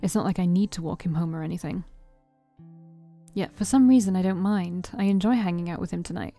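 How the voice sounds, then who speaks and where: A woman reading a visual novel aloud as its heroine, wry and conversational. Her voice is mellow and warm, sitting on the low side. Faint music plays behind her. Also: brisk.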